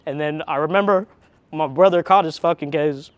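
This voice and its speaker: Male interviewee, frank and profane, with a voice pitched a bit high, reflective and halting. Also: smooth, dry recording. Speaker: interviewee, harm reduction worker. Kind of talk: candid emotional interview.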